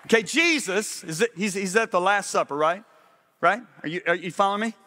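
Middle-aged guy preaching, fairly high voice, lively, keeps checking the crowd is with him. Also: brisk. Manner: animated, questioning the congregation. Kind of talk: sermon.

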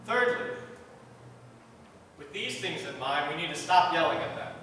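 A man preaches in an earnest, repeating cadence, his voice pitched high above most men. He sounds bright and strained, heard from a distance. Long echoing reverb fills the church sanctuary around him. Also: lively intonation, normal speed, long pauses, slight background noise. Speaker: pastor. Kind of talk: sermon. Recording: echoey church hall from far off.

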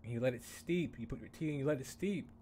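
A young man rants on his game stream, swearing often and sounding openly incredulous. His voice sits at a middling pitch, with a faint background hiss. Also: quick pace, warm tone. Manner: incredulous, profane, heavy on "bro". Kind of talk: casual live-stream ranting.

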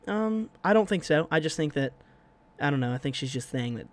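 A man's voice: fairly high pitch, animated, fairly quick, a little mellow. A man hosting a music reaction video, joking, swearing and laughing often in casual chat.

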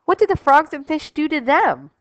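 A woman's voice: sits high, big pitch swings, moderate pace, no room sound, voice pushed up. A woman doing a worried little boy rabbit. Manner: anxious questioning. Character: young worried boy rabbit, small and curious. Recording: dull lo-fi recording.

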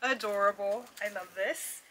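A woman casually unboxing gifts in a vlog, gushing and excitable, with frequent gasps of delight. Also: medium pitch, moderate pace, slight background noise. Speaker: vlogger opening a gift box. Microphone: ring light setup, camera on a desk.

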